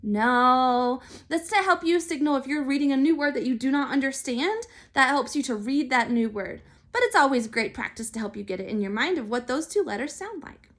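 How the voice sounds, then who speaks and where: A woman teaching a phonics lesson to young children, sounding out letters and syllables slowly and clearly. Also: high-pitched, expressive, a bit bright. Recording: recorded for remote learning.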